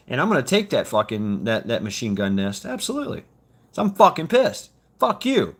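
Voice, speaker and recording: Reading his livestream chat, a fifty-something man rambles in a mid-range voice with huge pitch swings and a breathy edge, at a moderate pace. He swears freely and keeps tripping over repeated words and restarting.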